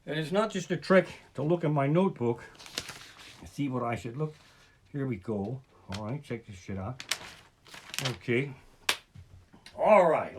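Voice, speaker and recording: Male stand-up comic, high and very lively voice, profane and self-mocking, streaming from home. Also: a little hiss or hum. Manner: profane, animated, self-deprecating. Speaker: comedian. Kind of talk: livestreamed stand-up comedy. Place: home living room. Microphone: barebones home streaming setup.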